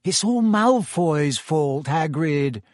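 A man voicing an earnest, anxious schoolgirl witch, speaking carefully and slowly. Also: a little high, lively intonation, no echo, studio quality.

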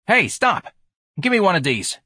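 A man voicing a surly teenage boy who talks in rough, sneering slang. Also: high-pitched, huge pitch swings, normal speed, sharp tone, dry recording, studio quality, voice pushed up, heavily acted. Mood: demanding.

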